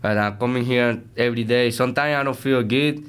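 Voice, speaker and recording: Young guy talking ballplayer stuff in broken english, smooth clear voice, upbeat and sincere. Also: mid-range voice, brisk. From Venezuela. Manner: earnest, energetic, broken English. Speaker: baseball player, interview guest. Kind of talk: casual interview chat.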